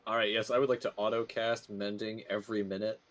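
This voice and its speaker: A man's voice: lowish voice, fairly bright tone. A man playing a tabletop game, chatting casually and trailing off with ums. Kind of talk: casual chat.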